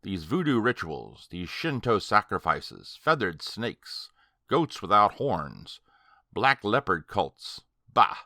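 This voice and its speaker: A man's voice: fairly low pitch, sing-song, slow, sharp tone, dry recording, clean studio sound, exaggerated voice. A man voicing a scornful, raving ancient male sorcerer in an audiobook, with archaic speech. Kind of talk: audiobook character reading.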